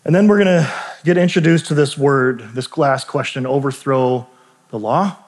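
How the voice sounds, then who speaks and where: A man preaching a sermon in a relaxed, conversational way, often restarting phrases and tossing in asides to the congregation. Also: medium pitch, normal speed. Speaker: pastor. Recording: long reverb of a large hall.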